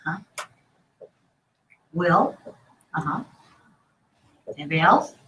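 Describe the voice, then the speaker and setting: A woman's voice: sits low, animated, slow, fairly bright tone, echoey room, muffled recording. Woman running a training discussion, asking the group stuff, kinda far off mic, faint background noise. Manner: prompting, encouraging questions. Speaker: training facilitator.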